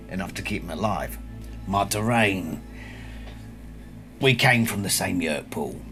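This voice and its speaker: A bitter male alien parasite in a human body, as a man reads him out, talking in a Cockney accent. He speaks low and hushed, with a seething, grieving edge. The voice sits deeper than the reader's own. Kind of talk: dramatic reading of a book passage.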